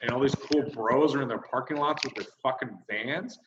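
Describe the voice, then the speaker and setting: A man's voice: mid-range voice, normal speed, a bit bright, a little hiss or hum. A man co-hosting a comedy podcast, ranting and swearing in casual chat. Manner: swears a lot, ranting and exasperated. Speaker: podcast co-host. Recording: roomy, slightly dull sound.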